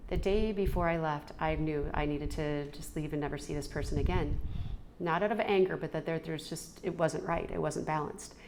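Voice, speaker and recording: A middle-aged woman telling an earnest, reflective personal story, halting now and then with restarts. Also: low voice, darkish tone, a little hiss or hum. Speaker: storyteller sharing a personal experience.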